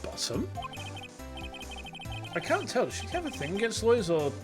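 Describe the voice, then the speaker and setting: Game role: man reading an exasperated young lawyer, lively pitch. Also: normal speed, faint music behind. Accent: English. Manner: dry, exasperated asides.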